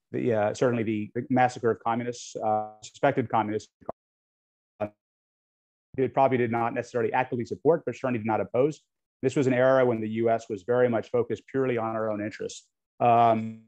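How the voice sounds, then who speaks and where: A man's voice: medium pitch, darkish tone. An American man giving an unscripted talk as a guest speaker, speaking frankly with many ums and restarts. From United States. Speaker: guest speaker on US-Indonesia relations. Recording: dull lo-fi audio.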